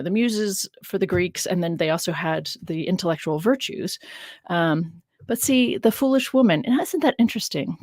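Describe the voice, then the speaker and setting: A woman's voice: fairly low pitch, no room sound. A woman biblical scholar hosting a casual teaching livestream, musing aloud, laughing often and stressing key words.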